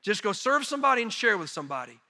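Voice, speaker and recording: A middle-aged man preaching as a missionary, telling folksy, self-deprecating stories in an animated way. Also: sits high, rapid-fire. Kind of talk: sermon storytelling. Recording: long reverb of a large hall.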